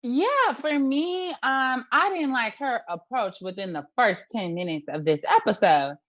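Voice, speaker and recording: A woman on a casual TV recap panel, sassy and animated, acting out scenes as she talks. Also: on the high side, a little slow, lo-fi sound. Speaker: co-host panelist.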